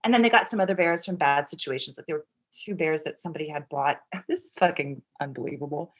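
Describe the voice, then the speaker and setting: A woman's voice: deep voice, fast. A middle-aged woman telling a personal story as an interview guest, rambling with lots of "like" and frequent swearing. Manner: rambling, profane, heavy use of "like".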